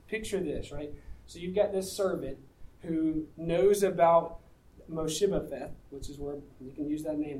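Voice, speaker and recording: A man's voice: on the high side, darkish tone, low-quality recording. A man preaching a sermon, reading scripture and explaining it in a conversational way, asking the audience rhetorical questions. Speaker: pastor.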